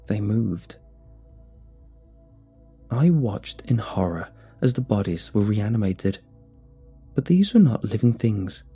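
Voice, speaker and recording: A male narrator telling a first-person horror tale in a tense, dramatic style. His voice is low, deeply husky and dark, and faint music sits underneath.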